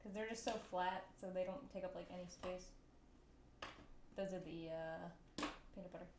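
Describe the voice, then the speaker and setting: A woman's voice: on the low side, steady tone, moderate pace, reverberant, background noise. A woman chatting casually with her stream while baking in a home kitchen, giggly and talkative. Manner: chatty, giggly, talks to chat.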